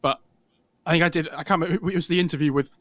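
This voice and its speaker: A man's voice: on the high side, steady tone, rapid-fire, a bit bright, no room sound. A man casting an esports match live, chatting casually and rambling with lots of fillers. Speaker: esports caster. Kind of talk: casual live commentary chat.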